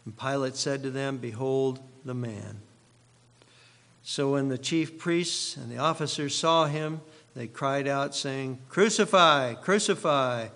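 A pastor's sermon voice, a man reading scripture with measured, dramatic emphasis. His mid-pitched voice carries through a church sanctuary with long reverb. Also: fairly bright tone. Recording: long reverb of a large hall.

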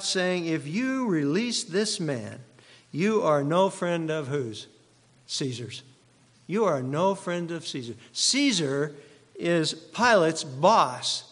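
A man's voice: on the high side, big-room sound. A male pastor preaching an expository sermon, driving points home by repeating key phrases.

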